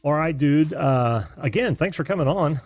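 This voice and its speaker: A man's voice: a little high, expressive, moderate pace, faint music behind. A man hosting a call-in show over video, easygoing and often laughing. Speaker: host. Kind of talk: casual chat.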